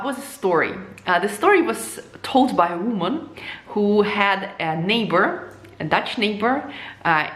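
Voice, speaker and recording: Woman vlogging her opinions, animated, loads of "you know", roomy echo. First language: Russian. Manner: animated, with frequent jumps in pitch and many "you know" and "like" fillers. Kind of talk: casual opinion monologue. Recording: echoey room.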